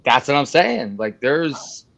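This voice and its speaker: A man's voice: medium pitch, sing-song, takes it slowly, creaky, fairly bright tone. A man co-hosting a boxing podcast with a mid-range voice. He chimes in agreeably and poses questions in loose casual chat. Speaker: podcast co-host.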